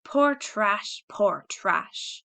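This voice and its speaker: A woman's voice: mid-range voice, animated, normal speed, pushed and bright. A woman reading the part of a proud pioneer mother in an audiobook, speaking in fierce, dignified outbursts. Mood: indignant.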